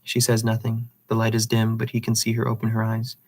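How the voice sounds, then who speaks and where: Man reading a novel aloud, flat delivery. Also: fairly low pitch, a little fast. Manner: reads dialogue plainly, with slips and restarts. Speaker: reader.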